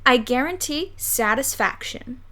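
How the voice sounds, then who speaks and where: Woman reading bossy know-it-all girl, storybook, high, self-assured. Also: animated, measured pace, sharp tone, full character voice. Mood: persuasive. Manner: confident, persuasive.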